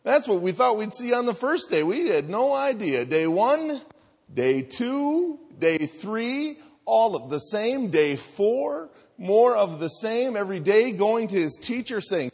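Man, 30s, pastor, animated storyteller; higher voice, wide pitch swings, recorded in a large reverberant hall. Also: a little slow, breathy edge. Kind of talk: sermon with personal story.

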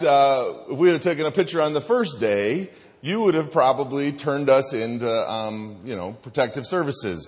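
Man, 30s, pastor, animated storyteller; higher voice, wide pitch swings, recorded in a large reverberant hall. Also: breathy edge. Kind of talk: sermon with personal story.

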